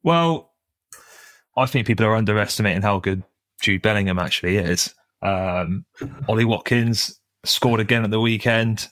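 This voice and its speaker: A young man, co-hosting a casual football podcast in a relaxed, halting way. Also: on the low side, no room sound. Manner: relaxed, hesitant with fillers, laughs while telling stories. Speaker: podcast co-host.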